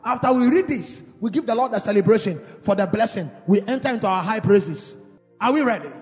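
A man preaching a fervent sermon to his congregation in a church hall, shouting declarations and calling for responses. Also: high voice, animated, fairly quick, soft background music. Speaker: pastor. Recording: echoey, slightly dull church hall recording.

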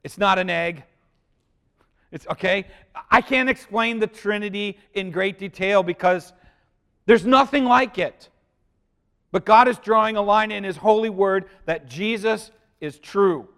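Male pastor, slightly high voice, sermon delivery with loud emphasis dropping to hushed lines, questions to the congregation. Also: a little slow, vocal fry.

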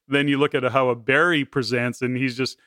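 A man with a bright, forceful voice hosts a podcast in long, winding turns that loop back and restart. He sounds close and dry, with no room around him. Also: medium pitch, level tone, brisk, no room sound. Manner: rambling, with many restarts. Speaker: podcast host. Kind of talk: conversational podcast interviewing.

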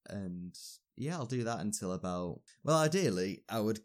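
Low-voiced young man, relaxed chat. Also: normal speed. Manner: relaxed, rambling with fillers. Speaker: university student. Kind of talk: casual podcast chat.

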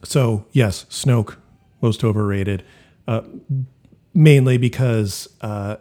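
A man's voice: lowish voice, slow pace, mellow. Blunt, profane man in casual chat. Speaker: podcast co-host.

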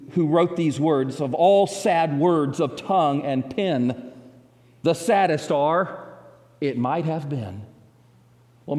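Pastor, male, high and animated delivery, slow deliberate pace, long reverb. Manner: preaching with dramatic pauses and emphatic quotes. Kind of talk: sermon.

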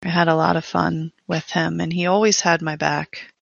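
A woman with a low, gravelly, bright-edged voice who speaks in an earnest, concerned way as she plays a tabletop game. The sound is dry and dull from a home mic. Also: little pitch movement, moderate pace, no room sound. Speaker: player. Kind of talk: playing a tabletop game in character.

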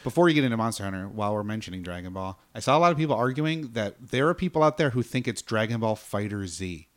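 A young man co-hosting a podcast, chatting casually with quick, joking banter. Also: lowish voice, animated. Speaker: podcast co-host. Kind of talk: casual chat.

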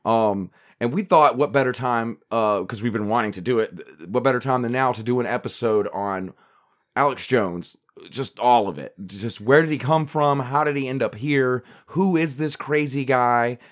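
Male co-host with a Southern US accent, mid-pitched, loose and rambling. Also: normal speed. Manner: chatty, rambling with restarts and laughs. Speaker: podcast co-host. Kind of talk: casual chat.

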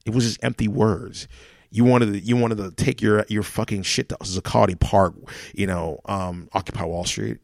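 A man's voice: fairly low pitch, steady tone, normal speed, gravelly, darkish tone, no room sound, studio quality. A man hosting his own podcast, ranting alone in a profane, exasperated way with many restarts. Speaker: podcast host. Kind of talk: solo ranting monologue.

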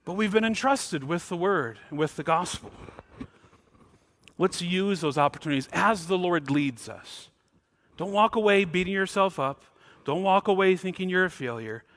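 Male pastor preaching: slightly high voice, emphatic punches, then soft low asides. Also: expressive, normal speed. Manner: emphatic, swings between loud stresses and quiet low asides. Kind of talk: sermon.

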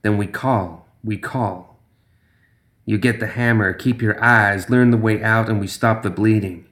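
A man's voice: fairly low pitch, steady tone, unhurried, a bit bright. A man voicing a sinister, hissing female creature who gambles greedily and repeats herself slyly. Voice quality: hissing, sly repetitions.

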